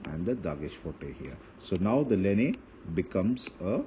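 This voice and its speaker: Patient lecturing man, low voice, lo-fi. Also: big pitch swings, a little slow. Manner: patient, repeats points, spells out words. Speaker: teacher. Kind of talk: classroom lecture on grammar. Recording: dull lo-fi recording with faint hiss.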